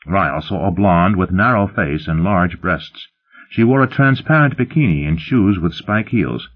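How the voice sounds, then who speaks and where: A man narrating a science fiction story in an expressive storytelling manner, over a tinny phone-like line. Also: low-pitched, moderate pace. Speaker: audiobook narrator. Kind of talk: scripted narration.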